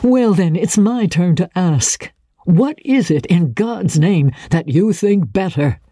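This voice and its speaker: A woman's voice: lowish voice, lively intonation, unhurried, warm tone, no echo, studio quality, pitched above the performer's own voice. A woman reading aloud, voicing a young man who is an impatient, passionate lover and presses with urgent questions.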